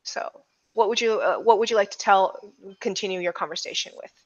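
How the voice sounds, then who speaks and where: A woman's voice: mid-range voice, brisk, lo-fi sound. A woman narrating a tabletop game as game master, in a loose, filler-heavy way with frequent restarts.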